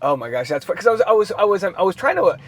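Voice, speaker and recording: A man's voice: high voice, sing-song, racing. A male stand-up comedian hosting a casual interview, asking jokey questions with rambling restarts.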